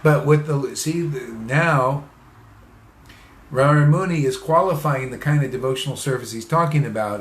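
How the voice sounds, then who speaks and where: A man's voice: medium pitch, moderate pace, slight background noise. A man giving an informal spiritual talk, repeating phrases for emphasis, laughing often and speaking straight to his listeners. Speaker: spiritual teacher. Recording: echoey room.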